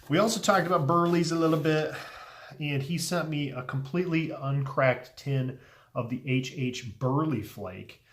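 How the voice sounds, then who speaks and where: A man who hosts pipe tobacco videos is doing a casual unboxing vlog, his mid-range voice earnest, heartfelt and a little emotional. He often trails off softly, with ums between his thoughts. There's slight background noise.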